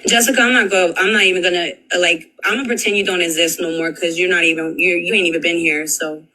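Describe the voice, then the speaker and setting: A panel guest on a live stream argues bluntly in casual talk. The voice is mid-pitched and very bright. Rhetorical questions come one after another, padded with "like". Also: fairly even intonation, fast talker, low-quality recording. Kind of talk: casual heated argument.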